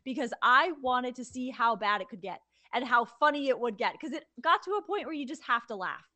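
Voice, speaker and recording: A woman co-hosting a sports podcast, ranting in animated, exasperated casual chat. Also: on the high side, fairly quick. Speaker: podcast co-host.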